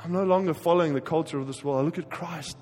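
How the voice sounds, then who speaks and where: A man preaching a sermon with passion, his voice swinging between forceful emphasis and quiet, hushed stretches. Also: fairly high pitch, quick pace, in a large hall, soft background music. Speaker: pastor.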